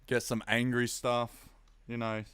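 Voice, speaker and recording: A young Australian man, a bit tired, casually explaining synth sounds on a live stream, chatty and quick to laugh. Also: mid-range voice, very noisy. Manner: relaxed, chatty, reads chat aloud, laughs often. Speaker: music producer streaming.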